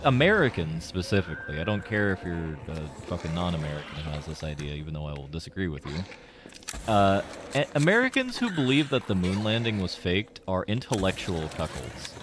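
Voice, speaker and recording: A man's voice: deep voice, noisy background. A young man streaming a game, rambling through casual commentary with profanity and tangents.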